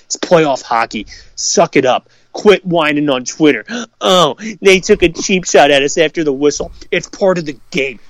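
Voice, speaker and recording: A man's voice: medium pitch, no room sound. A man co-hosting a sports podcast, ranting heatedly and swearing constantly about fans who complain. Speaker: podcast co-host. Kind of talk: profane sports rant.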